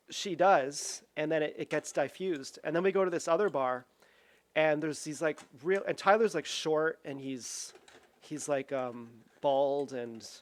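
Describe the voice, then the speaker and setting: A young man tells a rambling story while cooking at home, with lots of "like", restarts and acted-out quotes. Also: fairly high pitch. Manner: rambling, full of "like" and restarts, acts out quoted voices. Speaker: vlogger.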